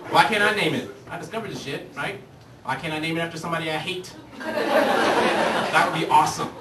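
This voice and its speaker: Brash guy doing standup, cursing a lot, highish voice, roomy club, loud crowd laughing. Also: lively intonation, brisk, distant mic, very noisy. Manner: brash, profane, ranting delivery. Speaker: stand-up comedian. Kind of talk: stand-up routine. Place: comedy club stage.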